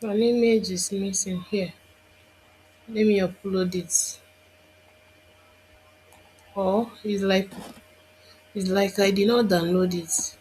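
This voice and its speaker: A woman instructor walks through a tutorial in a slow, musing voice. She thinks aloud and mutters to herself while working, over a faint hiss. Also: mid-range voice, fairly even intonation, a little mellow. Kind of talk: screen-recorded tutorial.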